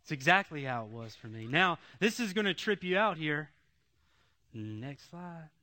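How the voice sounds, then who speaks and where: A man giving an emotional testimony sermon, repeating phrases and swinging between loud, pleading passages and hushed ones. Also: on the high side, very animated, a little slow.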